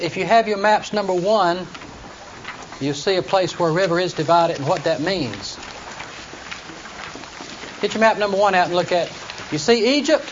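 A man teaching a Bible study class, explaining plainly and reading scripture aloud to his students. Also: sits high. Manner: explains plainly, reads scripture aloud in King James wording. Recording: dull lo-fi recording with faint noise.

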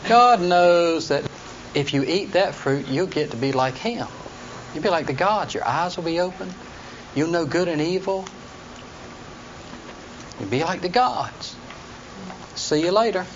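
Dismissive, persuasive serpent, read by a male teacher; high voice, dull recording. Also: animated, unhurried, pauses often. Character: smooth-talking tempting serpent, male. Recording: dull lo-fi recording with faint noise.

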